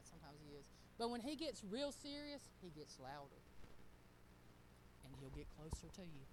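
A middle-aged woman preaches an informal sermon in a church. She talks to the congregation in a folksy, joking way. Her voice sits high and swings widely up and down. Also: noisy background.

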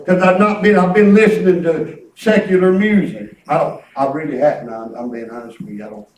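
An older man preaching a sermon, telling folksy stories with bursts of shouted praise. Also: on the high side, fairly quick. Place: church. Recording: echoey room, voice from far off.

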